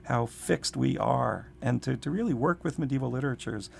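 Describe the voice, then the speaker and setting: A man's voice: mid-range voice, expressive, vocal fry. A middle-aged man, a literature professor, talking in a thoughtful, digressive way in an interview, his voice a little scratchy. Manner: thoughtful, digressive, slows to read aloud. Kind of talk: conversational interview.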